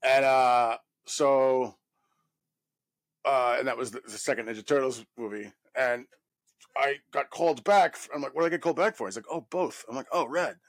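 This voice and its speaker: A man in his thirties from New York, a guest actor telling a profane, animated story full of fillers. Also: mid-range voice, moderate pace. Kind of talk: casual anecdote telling.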